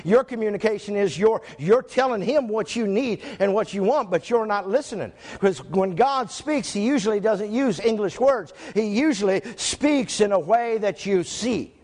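A male pastor preaching a sermon to his church, reading scripture slowly and stressing single words. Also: high voice, expressive, darkish tone. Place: church sanctuary. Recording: echoey church hall.

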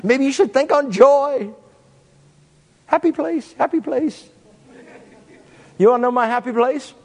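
High-pitched guy preaching, jumps around a lot, big reverby room. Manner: animated preaching with sudden shifts in pitch and pace. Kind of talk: sermon.

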